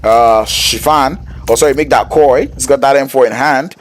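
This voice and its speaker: A man's voice: mid-range voice, moderate pace. Chill guy casting a mobile shooter tourney, jokey slangy play-by-play, gets hyped in fights, faint game noise behind. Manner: casual, joking, slangy, rises to excited shouts in fights. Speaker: esports caster. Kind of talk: live esports play-by-play commentary.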